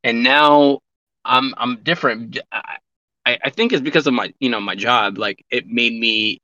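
Bright-voiced man chatting on lo-fi audio. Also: medium pitch, moderate pace, dry recording. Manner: candid, profane, rambling with many restarts. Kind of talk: casual chat. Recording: dull lo-fi recording.

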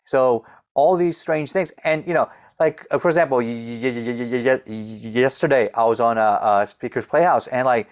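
A middle-aged man who stutters, sometimes repeating the first sounds of words, speaks as a guest coach in a conversational interview and explains things with quick demonstrations. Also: medium pitch, muffled recording.

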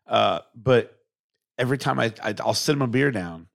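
A man's voice: mid-range voice, lively intonation, moderate pace, vocal fry. A man co-hosting a casual chat, telling dry little stories.

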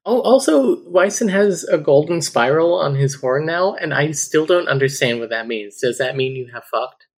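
A man's voice: a little high, lively intonation, normal speed. Joking, casual man, podcast guest.

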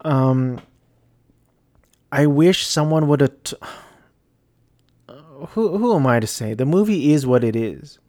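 A man talks through a movie review in a casual, rambling way, often unsure of himself. His voice is mellow and unhurried. The sound is dry and close. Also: medium pitch, expressive, no room sound. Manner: rambling, hesitant, self-deprecating.

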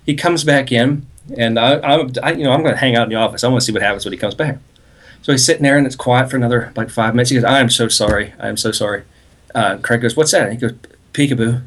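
A man's voice: mid-range voice, rapid-fire. Man telling a rambling prank story. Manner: rambling, laughing at his own prank story. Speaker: podcast co-host. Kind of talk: casual storytelling.

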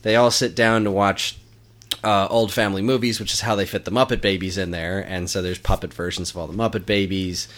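A man's voice: low-pitched, steady tone, a little fast, fairly bright tone. A man in casual chat, recapping a film with enthusiasm. He laughs often and uses a lot of fillers and restarts.

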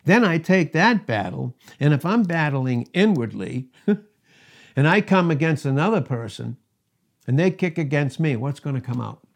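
A man's voice: a little high, animated, a little slow, creaky. A male pastor preaching a sermon, emphatic, with rising and falling intensity.

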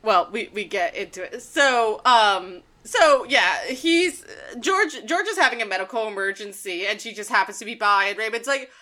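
Bright high-voiced woman recapping anime. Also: expressive, moderate pace. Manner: laughs often, acts out characters' lines. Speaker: podcast co-host. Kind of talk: casual anime recap chat.

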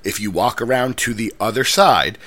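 A man chatting casually, reviewing a donut and telling a story in a measured, patient way. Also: on the low side, fairly bright tone. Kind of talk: casual chat, food review.

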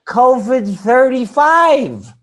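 A man putting on the voice of an older mother who nags and guilt-trips in a high, plaintive tone. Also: lively intonation, extremely slow, full character voice. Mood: guilt-tripping. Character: nagging older mother, guilt-tripping, whiny.

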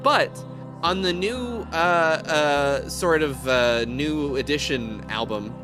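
A man rambles through a casual podcast chat, cheerfully self-deprecating and quick to be amazed. His voice sits a little on the high side. Music plays clearly underneath the whole time. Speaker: podcast co-host. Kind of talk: casual chat while watching a game.

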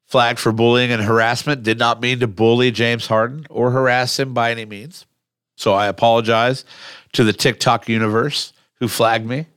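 A male podcast host in casual, animated chat, blunt and quick to swear. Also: mid-range voice, smooth, no room sound, clean studio sound.

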